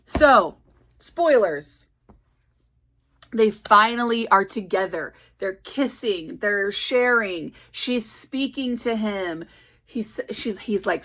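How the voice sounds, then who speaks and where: Excitable rambling woman book vlogger. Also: medium pitch, extremely slow, long pauses. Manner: rambling and excitable, many fillers and restarts. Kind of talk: casual chat. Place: at home with her cats.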